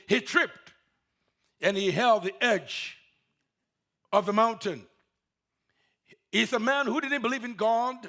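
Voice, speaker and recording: A man's voice: high voice, a bit bright. A man preaching a sermon, telling a story with emphatic, repeated phrases.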